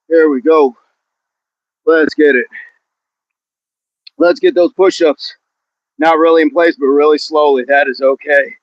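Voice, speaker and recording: A breathless fitness livestream host chats live with viewers during an outdoor workout, greeting them by name between reps from the bottom of a hill beneath a tree. His voice is on the high side, steady in tone and unhurried with long pauses. The muffled recording comes from a phone propped against the tree.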